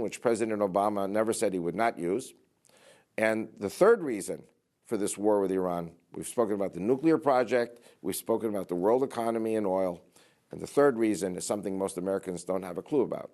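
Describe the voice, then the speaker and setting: Low-voiced man giving an emphatic speech. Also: a little mellow. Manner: emphatic, repetitive rhetorical delivery. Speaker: public speaker. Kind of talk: political speech to a church audience.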